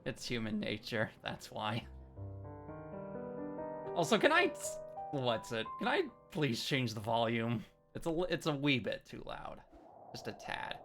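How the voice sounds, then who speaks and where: A man's voice: mid-range voice, lively intonation, normal speed, over music. A man casually commenting as he plays a game, chatty and muttering through menu settings. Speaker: let's play gamer.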